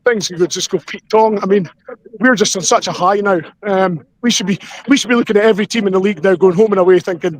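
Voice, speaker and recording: Hoarse male fan, high voice, excitable live report. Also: rough recording. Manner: excitable, rushing with repeated restarts.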